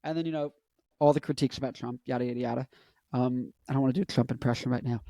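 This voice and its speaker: A man's voice: medium pitch, quick pace, vocal fry, darkish tone, no echo. A man in his twenties giving a casual commentary monologue, rambling and interrupting himself with joking asides. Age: 20s. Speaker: vlogger.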